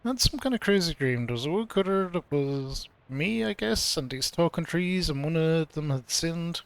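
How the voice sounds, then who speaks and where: A man's voice: fairly high pitch, expressive, normal speed, gravelly, a bit bright, no room sound. A man streaming a game, reading its dialogue aloud in a casual, playful way with mock old-fashioned delivery. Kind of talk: let's play commentary, reading game text aloud.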